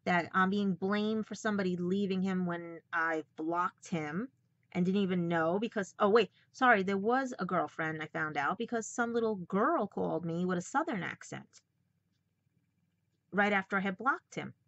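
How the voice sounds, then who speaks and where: A woman's voice: mid-range voice, normal speed, a bit bright, no echo. Angry woman vlogger, dull lo-fi sound. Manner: confrontational, keeps addressing viewers as "guys". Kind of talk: angry personal vlog rant.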